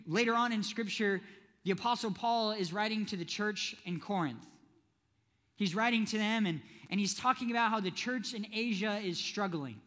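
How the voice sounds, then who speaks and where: A man preaching a youth sermon to a live audience in a church hall, playful and quick to ask the crowd questions. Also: sits high, a bit bright. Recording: long hall reverb.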